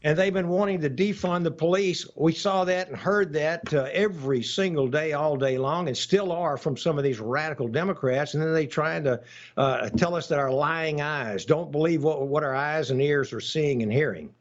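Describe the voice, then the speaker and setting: A man's voice: on the high side, moderate pace, dull audio. A man speaking as a congressman guest in a live TV interview, emphatic and hesitant with many fillers.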